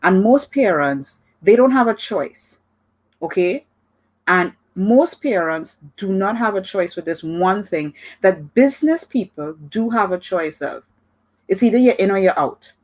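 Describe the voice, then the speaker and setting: A woman's voice: mid-range voice, lively intonation, unhurried, poor audio. Chatty woman giving a motivational talk. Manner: chatty, keeps checking in with "all right?" and "right?". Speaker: digital marketing consultant.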